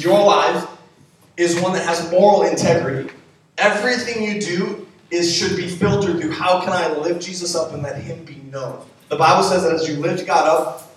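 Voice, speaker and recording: A young man, a youth pastor, giving a playful sermon to young people, with joking asides to the audience. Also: on the high side. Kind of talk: youth sermon with live demonstration. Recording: very echoey hall, from far off.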